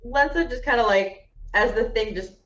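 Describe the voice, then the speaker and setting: A woman's voice: a little high, normal speed, fairly bright tone, lo-fi sound. A woman playing a tabletop game, casually describing her character's moves with many fillers and giggles. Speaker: player.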